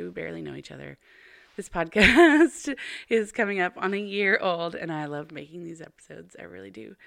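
A woman's voice: sits low, vocal fry, no echo. A woman hosting a podcast, talking to listeners in a chatty, apologetic and heartfelt way. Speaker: podcast host. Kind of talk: casual podcast intro.

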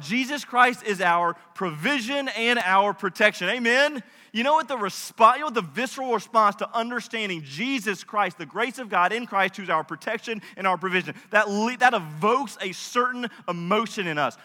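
Male pastor, high bright voice, emphatic, chatty preaching, reverberant hall. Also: lively intonation, moderate pace. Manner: conversational, emphatic preaching with asides. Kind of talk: sermon.

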